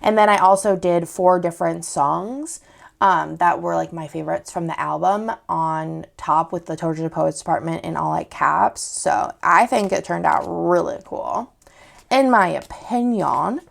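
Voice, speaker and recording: A woman's voice: lowish voice, unhurried, creaky. A woman with a sore throat and a sick voice, showing off her shop's new products in a casual, rambling way full of fillers.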